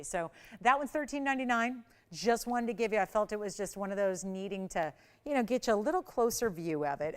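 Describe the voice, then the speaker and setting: A woman's voice: medium pitch, clear, resonant tone. A middle-aged woman hosting a live shopping channel jewelry segment, chatty and enthusiastic, talking straight to the viewers. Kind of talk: live TV jewelry sales pitch.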